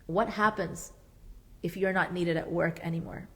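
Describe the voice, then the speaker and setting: A woman's voice: on the low side, fairly even intonation, moderate pace, fairly bright tone. A woman psychotherapist leading a marriage workshop. She talks earnestly and emphatically, repeats her key points and adds playful asides. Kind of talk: workshop talk.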